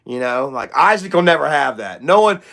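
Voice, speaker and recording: A man's voice: on the high side, lively intonation, brisk, gravelly, a bit bright. A young man hosting a casual livestream chat, rambling, loose and profane, with lots of fillers. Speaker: livestream host.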